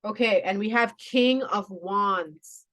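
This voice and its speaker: A woman's voice: mid-range voice, slow pace, fairly bright tone. A woman doing a spiritual tarot reading, talking in a soothing, reassuring way with many "you know" and "okay" asides. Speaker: tarot reader.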